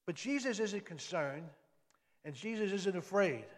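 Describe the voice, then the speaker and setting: A man delivers a sermon from the pulpit, his voice sitting a little high. He speaks conversationally, then leans hard on key words. The church hall carries a long reverb behind him. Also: animated, unhurried. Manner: conversational preaching with emphatic rises. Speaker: pastor.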